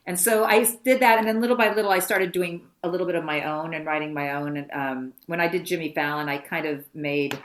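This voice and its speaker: An actress being interviewed on a podcast, telling lively anecdotes and acting out the voices of people she quotes. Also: deep voice, quick pace, hardly any pauses. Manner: lively storyteller who acts out quoted voices. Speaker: actress guest.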